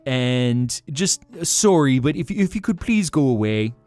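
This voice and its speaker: A dragon who apologizes nonstop while turning visitors away from his hoard, put on by a streamer. He has an exaggerated Canadian accent and a voice pitched well above the man's own. He rushes through his words and speaks louder than usual, with soft music behind him. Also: very animated. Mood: apologetic. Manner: apologetic, fussy and hurried. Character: overly polite male Canadian dragon guarding his hoard.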